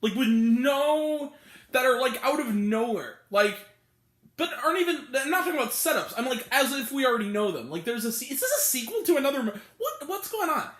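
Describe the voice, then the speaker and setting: Animated, incredulous woman reviewing films. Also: high-pitched, fairly quick, roomy sound. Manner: incredulous, laughing, swears freely. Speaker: film reviewer. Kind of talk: casual movie review rant.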